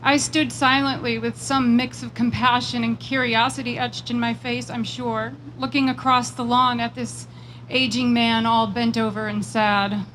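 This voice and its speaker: A woman giving a prepared political speech at a rally, measured and emphatic, slowing down on repeated phrases and moving into personal storytelling. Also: on the high side, level tone, fairly bright tone, slight background noise, rough recording. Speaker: rally speaker.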